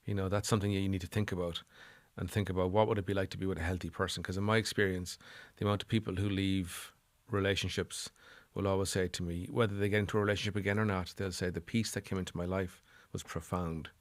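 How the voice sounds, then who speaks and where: A man's voice: low voice, flat delivery, quick pace, no echo. A middle-aged Irish man speaking as a psychotherapist guest on a podcast, earnest and repeating phrases for emphasis. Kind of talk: podcast interview.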